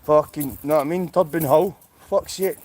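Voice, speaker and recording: A Scottish man with a slightly high voice, ranting with a torrent of swearing on a livestream. He mocks and insults as he goes. Loud background noise runs beneath him. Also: moderate pace. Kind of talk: profane livestream rant.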